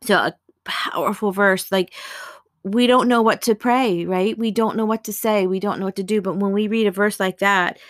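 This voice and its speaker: A woman's voice: medium pitch, steady tone, moderate pace, no echo, studio quality. A woman giving an earnest devotional Bible teaching with prayer, speaking in a conversational way with casual fillers.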